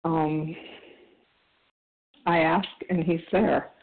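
A woman with a gravelly voice shares at a recovery meeting, talking softly and haltingly with long pauses. Her voice comes through a tinny phone line. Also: deep voice, fairly even intonation. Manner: soft, halting, with many pauses. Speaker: meeting member sharing. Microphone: phone call.

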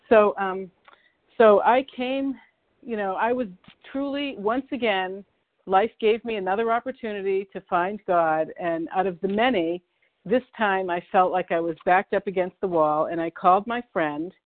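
A woman from the Boston area sharing her recovery story at a meeting, halting and emotional, with many pauses and restarts. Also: medium pitch. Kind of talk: personal recovery share. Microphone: phone dial-in. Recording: tinny phone line.

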